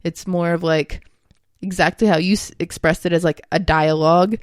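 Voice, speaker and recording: A woman's voice: on the low side, fairly even intonation, moderate pace, no echo, studio quality. A young woman, a podcast co-host, talking candidly and casually, with lots of fillers. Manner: chatty, filler-heavy, candid. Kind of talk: casual spiritual chat.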